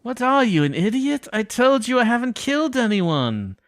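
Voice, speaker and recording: A man's voice: very high voice, big pitch swings, moderate pace, dry recording, clean studio sound, voice pushed up, full character voice. A man voicing an irritable, exasperated hostel manager who complains indignantly.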